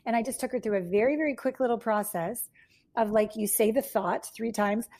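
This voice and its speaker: A woman relationship coach talking as a podcast guest, energetic and enthusiastic as she tells stories. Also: on the high side, a little fast. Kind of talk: casual conversation.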